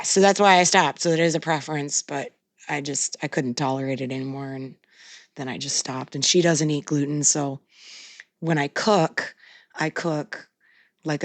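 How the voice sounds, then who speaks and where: A woman's voice: low voice, no echo. A middle-aged woman co-hosting a podcast in casual chat, blunt and swearing freely, laughing often. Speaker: podcast co-host.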